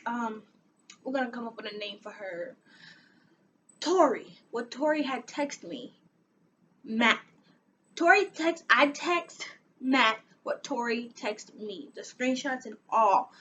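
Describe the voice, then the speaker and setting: A young woman with a high voice tells a personal story on her vlog. She is animated and dramatic, with sighs and laughs. A faint hum of noise sits behind her at home. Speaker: vlogger.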